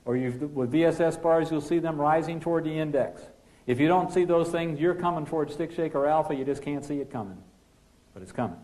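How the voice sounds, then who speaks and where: A man lecturing pilots as a flight instructor, emphatic, asking rhetorical questions and dropping his voice low for key points. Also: a little fast, a little mellow. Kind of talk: classroom lecture.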